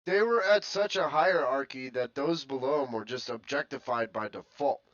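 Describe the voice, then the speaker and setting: A man's voice: mid-range voice, moderate pace, a bit bright, dry recording, highs cut off. A man co-hosting a casual podcast, chatting and joking. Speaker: podcast co-host.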